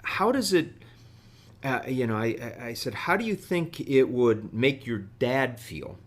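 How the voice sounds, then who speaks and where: A middle-aged man telling a story as a podcast guest, halting and full of fillers and restarts. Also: mid-range voice, animated. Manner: halting, many fillers and repeated words. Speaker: guest executive.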